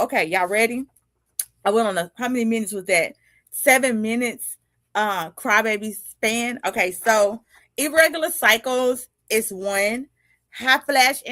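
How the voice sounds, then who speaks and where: A woman's voice: a little high, a little slow, bright, forceful tone, no room sound. A woman in her fifties hosting a casual live video chat as a podcast host and coach. She talks animatedly, laughs often and acts out little dialogues. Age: 50s.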